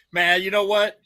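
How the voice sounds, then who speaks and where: Socal dude telling wild stories, lots of swearing and laughing, bright kinda high voice. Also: male voice. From Southern California. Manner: profane, rambling, laughs often. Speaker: podcast host. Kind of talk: casual storytelling chat.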